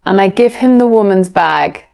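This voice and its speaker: A woman's voice: medium pitch, lively intonation, moderate pace, vocal fry, warm tone, clean tone. A woman narrating a graded storybook for English learners in a careful, evenly paced reading.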